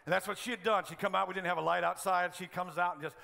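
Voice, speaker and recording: A middle-aged pastor preaching in a church, his voice high, gravelly and bright. He keeps the sermon lively with humorous stories and animated delivery. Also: quick pace.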